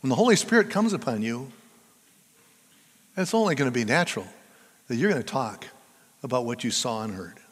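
An older man delivers a chatty, storytelling sermon and keeps drawing the congregation into it. His pitch rises and falls in a lively way. His voice rings with the long reverb of a large hall. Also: brisk, long pauses, breathy edge. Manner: conversational, chatty storytelling that draws the audience in. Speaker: pastor.

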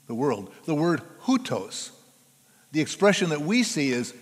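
An older man preaches a sermon in a slow, unhurried way, his voice sitting a bit high for a man. He stumbles over and repeats words, then presses hard on the ones he wants to stress. Long reverb trails after him through the church. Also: big pitch swings. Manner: halting, repeats words, building to emphatic stresses. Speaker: pastor. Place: church sanctuary.

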